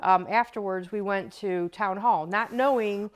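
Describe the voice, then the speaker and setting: A woman's voice: mid-range voice, unhurried, a crowd in the background. A middle-aged woman, a mother, chatting casually and animatedly telling a story, acting out the voices of people she quotes. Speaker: mother of the host, guest.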